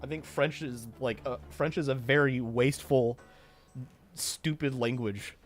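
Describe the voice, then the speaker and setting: Man, game streamer, heated ranting, swears, mid-pitched voice, soft background music. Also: fairly even intonation, measured pace. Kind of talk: casual gameplay commentary.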